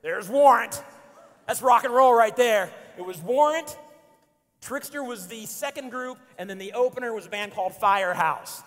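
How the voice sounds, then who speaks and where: A man in his forties tells stories from the pulpit, playful and animated, acting out his friends' voices. His voice sits high for a man. It rings out with a long hall reverb from the church auditorium. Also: moderate pace. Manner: animated, playful, acts out friends' lines with shouts and laughs. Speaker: pastor. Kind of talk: storytelling sermon.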